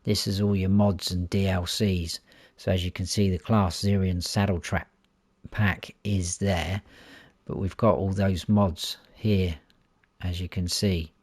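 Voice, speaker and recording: A man's voice: deep voice, little pitch movement, measured pace, a little mellow, no echo, studio quality. A man, walking through a farming game's menus and reading out each option as he clicks through. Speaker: gaming YouTuber. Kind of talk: console gameplay walkthrough.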